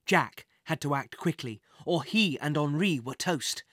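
A narrator reading a children's adventure story with lively, dramatic pacing. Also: medium pitch, unhurried, few pauses, dry recording, studio quality.

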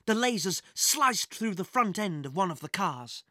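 A narrator reading a children's adventure story with lively, dramatic pacing. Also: mid-range voice, moderate pace, hardly any pauses, dry recording, studio quality.

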